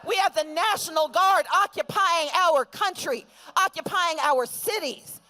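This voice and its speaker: A woman giving a political rally speech to a crowd, rousing and building to shouted call-and-response chants. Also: extremely high pitch, unhurried, poor audio. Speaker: rally speaker.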